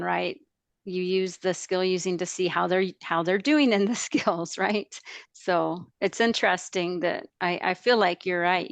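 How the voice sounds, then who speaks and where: A woman's voice: fairly low pitch, gravelly, no echo. A woman language instructor talking through ideas in a webinar discussion, with many fillers and restarts, over a video call. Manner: hesitant, lots of fillers and restarts.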